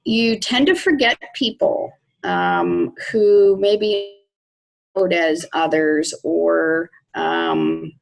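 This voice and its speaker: Slow, gravelly woman, heartfelt. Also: fairly low pitch, sing-song, rough recording. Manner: slow, warm, heartfelt and emotional. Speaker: network marketing team member. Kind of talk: casual video call chat.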